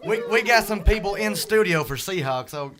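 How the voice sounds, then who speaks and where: A man's voice: sits high, lively intonation, normal speed, a crowd in the background. A man hosting a radio show in a studio, chatting in a folksy, joking, rambling way. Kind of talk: casual radio chat. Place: recording studio.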